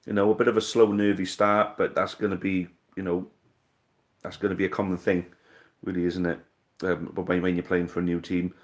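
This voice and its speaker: A man's voice: low-pitched, flat delivery, a little fast, highs cut off. Chatty Welsh man hosting a fan stream. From Wales. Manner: chatty, blunt, swears casually, yawning. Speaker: live stream host. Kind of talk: casual live-stream chat reading comments.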